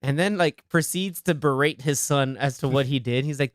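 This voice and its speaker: A young man hosting a casual movie podcast, excitedly retelling scenes and acting out the lines. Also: medium pitch, moderate pace, few pauses, no room sound, clean studio sound. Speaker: podcast host.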